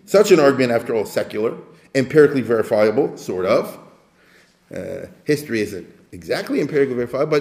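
A man's voice: medium pitch, a little mellow. Guy giving a chatty lecture, keeps asking "you see?", roomy echo. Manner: conversational, digressive, asks the audience for assent. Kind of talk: informal lecture.

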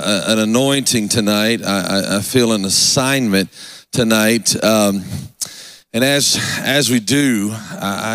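A man's voice: on the low side, a bit bright, no room sound. A man preaching a fervent revival sermon in a church, with call-and-response asides to the congregation. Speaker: pastor. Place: church sanctuary.

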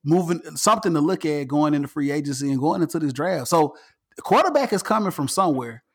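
A man hosting a casual sports podcast, animated and ranting, repeating himself. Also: fairly high pitch, fast talker, slightly rough. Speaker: podcast host.

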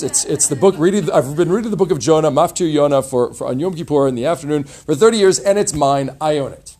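A man leads an informal text class in a somewhat high voice. He talks in a halting, chatty way, full of fillers and restarts. He drops in friendly asides as he explains. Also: expressive, darkish tone. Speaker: teacher leading a Mishnah class.

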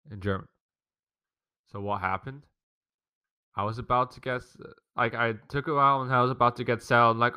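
A man's voice: mid-range voice, normal speed, long pauses, bright, forceful tone, clean tone. A young man hosting a casual podcast from home, rambling through a profane, complaining story about his family. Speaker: podcast host. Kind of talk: casual rant.

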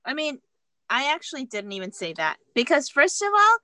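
Bright-voiced woman telling a story. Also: high-pitched, very animated, moderate pace, dry recording. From United States. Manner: candid, laughing, acts out dialogue. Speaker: podcast guest. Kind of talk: casual storytelling.

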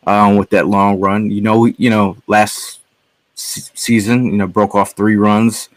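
A man's voice: on the low side, flat delivery, unhurried, no echo. A man from Connecticut, a podcast guest, telling a story in casual chat with lots of fillers and restarts.

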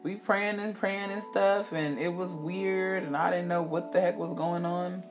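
A woman hosting her own show, telling a personal story in a candid, animated way, swearing freely and acting out what people said. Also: lowish voice, measured pace, music in the background. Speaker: podcast host. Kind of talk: casual storytelling monologue.

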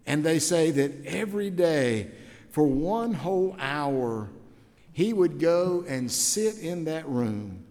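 Pastor preaching in a church hall. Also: male voice, on the high side, animated, slow. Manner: storytelling with dramatic swings from hushed to loud. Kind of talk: sermon. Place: church sanctuary. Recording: long hall reverb in a church.

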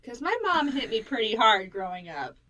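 A woman with a Wisconsin accent chats loosely on a podcast, laughing often and a little tipsy. Her voice sits fairly high and swings widely up and down. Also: very animated, normal speed, pushed and bright, no echo, highs cut off. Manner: giggly, joking, tipsy. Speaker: podcast co-host. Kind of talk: casual chat.

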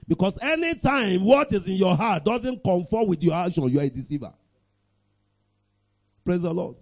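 Male preacher, middle-aged, high lively voice, emphatic sermon delivery. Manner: emphatic, drawn-out scripture reading with bursts of shouting, repeats "Praise the Lord".

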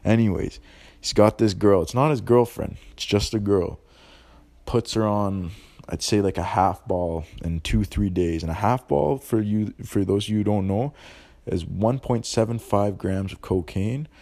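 A man's voice: fairly low pitch, measured pace. A young man hosting a podcast, ranting bluntly in profane street slang. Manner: animated, ranting. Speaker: podcast host. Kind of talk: casual monologue.

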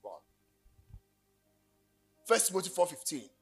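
A middle-aged Ghanaian man preaching a sermon, telling stories and joking, breaking into sudden loud bursts. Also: sits high, big pitch swings, measured pace, slightly rough, faint music behind. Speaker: pastor.

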